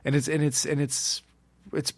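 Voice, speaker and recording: A man's voice: a little high, little pitch movement, moderate pace, creaky, no echo. A man talking casually as a podcast guest, a music producer who rambles with lots of fillers and restarts. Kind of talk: casual chat.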